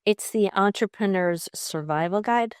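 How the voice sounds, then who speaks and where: A woman's voice: medium pitch, a little slow, clean tone, dry recording, clean studio sound. A middle-aged woman from Long Island, a podcast guest talking in an enthusiastic, chatty way with many fillers. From Long Island, New York. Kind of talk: conversational interview.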